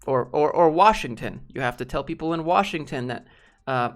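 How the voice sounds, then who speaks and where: A man's voice: a little high, lively intonation, normal speed. Blunt, rambling man with music behind. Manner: blunt, rambling, swears casually. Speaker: streamer talking to chat. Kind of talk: casual live-stream chat.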